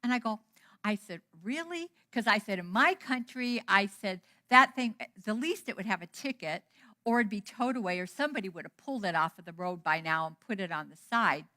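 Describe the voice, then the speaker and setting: Bright-voiced woman minister telling stories. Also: mid-range voice, fairly quick. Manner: animated, acts out quoted dialogue. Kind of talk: storytelling sermon. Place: church hall.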